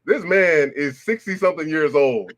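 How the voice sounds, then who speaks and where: A man's voice: on the high side, lively intonation, normal speed, a bit bright, slight background noise. Rambling male sports talk co-host. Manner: rambling, searches for words, many fillers. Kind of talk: casual sports talk show.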